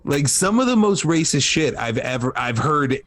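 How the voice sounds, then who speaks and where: A man's voice: on the high side, very animated, normal speed, fairly bright tone. Blunt, rambling male podcast host. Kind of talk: casual chat.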